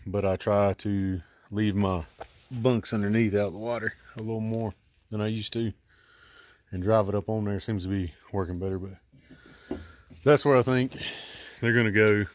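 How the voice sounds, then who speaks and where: Middle-aged guy w a lowish voice, rambling thru a diy boat project outside, lots of ums. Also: steady tone, moderate pace, long pauses. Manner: rambling, thinking aloud with many fillers. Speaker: DIY channel host. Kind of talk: casual how-to explaining.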